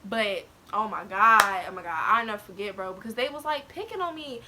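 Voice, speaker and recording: A woman's voice: medium pitch, brisk, heavy background noise. A young adult woman vlogging, telling a personal story to her viewers casually, laughing often and slipping close to tears. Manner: animated, laughing often, swings into near-crying.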